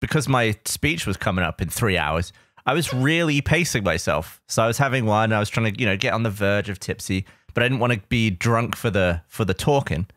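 A man's voice: lowish voice, animated, fairly quick, a bit bright, dry recording, studio quality. A man co-hosting a podcast, telling stories in casual chat, rambling and laughing between restarts. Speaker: podcast co-host.

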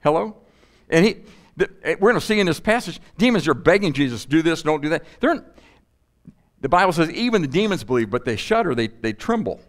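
Man preaching an animated sermon. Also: a little high, fairly quick. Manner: animated, rhetorical questions, playful asides. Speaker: pastor. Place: church.

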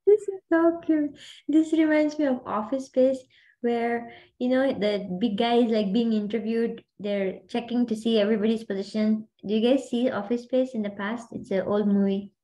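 A woman's voice: on the high side, fairly even intonation, moderate pace, mellow, low-quality recording. A woman hosting and coaching a group on a video call, talking in a chatty, rambling way full of fillers. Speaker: host and mindset coach.

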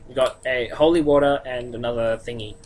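A man's voice: medium pitch, steady tone, brisk, a little mellow, slight background noise. A young Australian man playing a video game with friends, joking around, laughing often and trailing off into mumbles. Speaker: let's play player. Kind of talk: casual gaming commentary.

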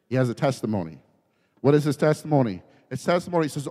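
A man's voice: medium pitch, sing-song, quick pace. Man preaching with dynamic swells. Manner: dynamic, swinging from soft hushed lines to raised fervent ones. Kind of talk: sermon. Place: church sanctuary. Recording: church hall with long reverb.

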